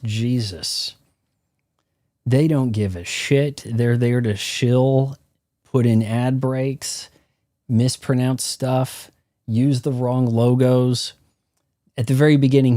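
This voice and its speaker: A streamer rants through his gameplay commentary, profane and opinionated. His voice is mellow and dark, and it sounds dry and close. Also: mid-range voice, no echo. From United States.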